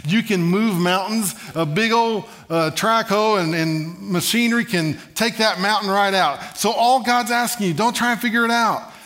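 A man preaching a sermon, telling humorous stories in an animated way and asking the congregation for an amen. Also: high-pitched. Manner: animated, humorous storytelling with call-and-response.

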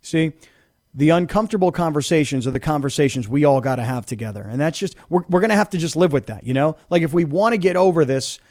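A male sports radio host in his studio, giving an opinionated monologue. His voice sits a bit high and swings widely, and he repeats himself as he pushes each point home. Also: animated, fast talker, a little mellow. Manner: emphatic, repeats words when worked up.

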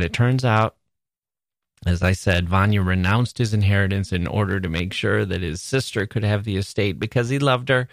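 Male podcast host with a lowish voice and dry close-mic sound, earnest and emphatic as he explains. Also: no room sound. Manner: earnest, emphatic, builds points through repetition. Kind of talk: literary analysis podcast.

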